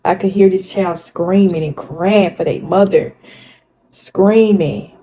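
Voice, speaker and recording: Woman vlogging a story to her viewers, earnest and repeating herself, dark mellow voice. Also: fairly low pitch, slow, a little hiss or hum, rough recording. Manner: earnest, repetitive, talks straight to viewers. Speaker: spirituality vlogger. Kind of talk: casual storytelling to camera.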